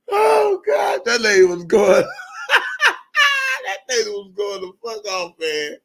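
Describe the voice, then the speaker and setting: A man hosting a livestream, ranting loosely and swearing freely as he laughs his way through it. His voice sits fairly high and sounds bright and forceful, and he often leaps into shouting. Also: a little slow, vocal fry. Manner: animated, profane, laughing often. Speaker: livestream host. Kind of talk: unscripted livestream rant.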